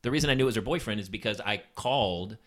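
A man's voice: lowish voice, racing, a bit bright. A middle-aged man hosting a casual podcast, joking and laughing while he tells his own road story. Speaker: podcast host.

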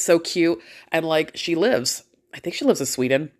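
Female podcast host, deep voice, loose chatty rambler, swears a lot. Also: animated, moderate pace, a little mellow. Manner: rambling, chatty, swears freely, laughs often. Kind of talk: casual chat.

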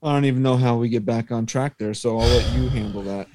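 A man co-hosting a sports talk show, calm and skeptical, pushing back on his partner. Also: medium pitch, fast, no room sound, studio quality. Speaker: sports podcast co-host.

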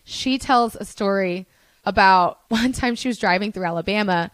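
A woman's voice: mid-range voice, normal speed, no room sound. A young woman, a podcast guest, chatting casually and telling rambling stories with laughter and swearing. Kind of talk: casual chat.

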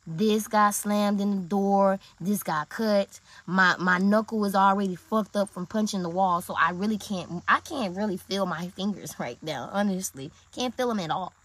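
A woman's voice: medium pitch, normal speed, few pauses, fairly bright tone, no room sound. A young woman telling her viewers a story in a casual, blunt and profane way, with lots of emphasis.

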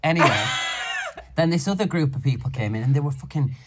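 A man from Malta co-hosting a podcast, telling a night-out story with camp, animated, swear-filled chat. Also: fairly high pitch, a little fast, very noisy. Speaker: podcast co-host. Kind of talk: casual chat.

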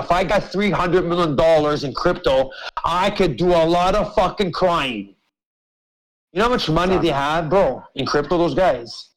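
A man's voice: on the high side, moderate pace, low-quality recording. A man hosting an open-mic group chat, ranting emphatically and swearing a lot. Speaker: host.

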